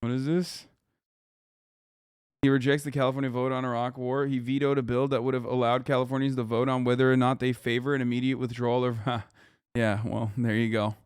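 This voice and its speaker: A man's voice: medium pitch, flat delivery, a little fast, clear, resonant tone, no echo, studio quality. A man hosting a live stream, reacting in casual, offhand commentary and swearing freely. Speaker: streamer host.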